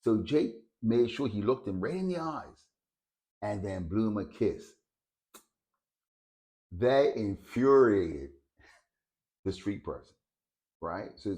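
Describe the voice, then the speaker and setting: A man's voice: lowish voice, lively intonation, a little slow, pauses often, a little mellow. A man casually telling a story, hesitating and repeating words as he searches for them.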